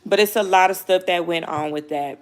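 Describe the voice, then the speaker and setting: A woman's voice: fairly low pitch, a little fast. A young woman vlogging casually, telling a personal story in a rambling, emotional way, close to tears. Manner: emotional, rambling, frequent "you know what I mean", swears. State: near tears.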